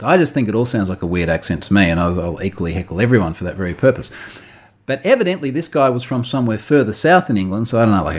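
A man's voice: medium pitch, breathy edge. A man, a podcast host animatedly recounting a story in casual chat, often repeating words and laughing.

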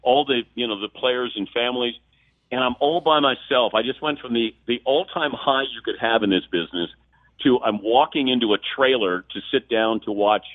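A man from Ohio, a sportscaster calling into a radio show, telling a story in a lively way and acting out the voices of others. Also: mid-range voice, moderate pace, no room sound. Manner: animated storyteller, acts out quotes. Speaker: sportscaster guest. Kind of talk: phone-in radio interview, storytelling. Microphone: phone. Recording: tinny phone line, dry.

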